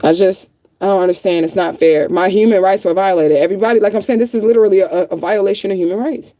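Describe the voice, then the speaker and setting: Fighting back tears, a vlogger tells her livestream audience off bluntly, cursing freely and repeating points for emphasis. Her medium-pitched voice is steady, quick and mellow, with no echo.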